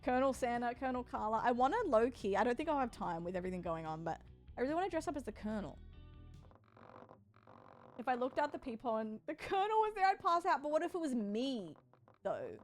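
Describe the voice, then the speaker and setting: A woman's voice: on the high side, big pitch swings, quick pace, faint music behind. A woman streaming, chatting casually with viewers in a bubbly, playful way. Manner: bubbly and playful, talks to chat. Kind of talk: casual sponsored livestream chat.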